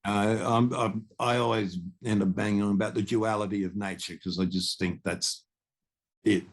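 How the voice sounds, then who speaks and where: An older musician from Australia, guesting on a laid-back podcast, speaks at a moderate pace in a fairly low, steady voice. His storytelling rambles, and he often begins sentences again.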